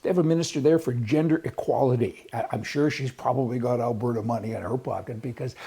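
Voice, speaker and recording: An older man talks through his opinions in a loose, folksy ramble. His voice is very husky and gravelly, with a dark, mellow tone. He sounds opinionated and unhurried, like a regular host holding forth. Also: medium pitch. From Canada. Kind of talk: rambling political commentary.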